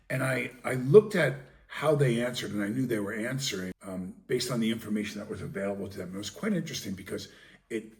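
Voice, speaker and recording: A man's voice: on the low side, darkish tone, distant mic. A man talking casually as a podcast host, rambling with many ums and restarts. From Long Island, New York.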